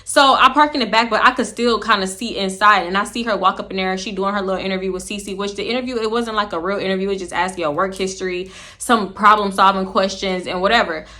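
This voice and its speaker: Bright-voiced woman telling a wild story. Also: medium pitch, quick pace. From Houston, Texas. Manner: animated, swears freely, laughs while telling. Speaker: storytime vlogger. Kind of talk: casual storytelling.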